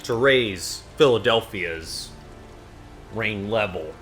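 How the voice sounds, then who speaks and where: Male let's play co-host, bright tone, lively pitch, dry deadpan humor, faint background noise. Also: slow, faint music behind. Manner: deadpan mock-confident, dry jokes. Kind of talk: casual gaming commentary.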